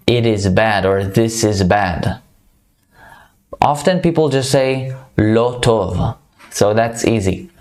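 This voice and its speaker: A man teaching a beginner vocabulary lesson, repeating each word several times. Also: mid-range voice. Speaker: Hebrew teacher.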